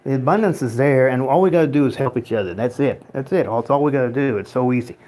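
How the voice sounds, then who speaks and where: An American man talks through a livestream in a loose, rambling way. He answers chat comments with sarcasm and the odd curse, and his voice sits at an ordinary, middle pitch. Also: fast talker, darkish tone. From United States. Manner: rambling, sarcastic, swears and laughs often. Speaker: livestream host reading chat.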